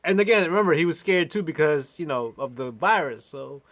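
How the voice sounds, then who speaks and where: An American man telling a casual, animated story to his livestream viewers, often adding "man" and "right?". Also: a little high, brisk, dry recording. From United States. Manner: animated, chatty, fond of calling everyone "man". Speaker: English teacher and livestream host.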